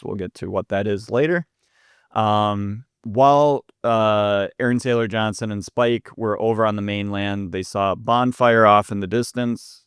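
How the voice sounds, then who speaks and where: A man's voice: on the low side, smooth, no echo, studio quality. A man co-hosting a podcast, casually recapping a film's plot with frequent fillers. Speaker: podcast co-host. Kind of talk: casual film review chat.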